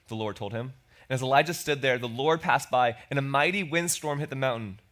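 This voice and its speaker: A man's voice: medium pitch, a little fast, fairly bright tone. A man preaching a sermon as pastor, in a conversational way, acting out quoted lines. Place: church.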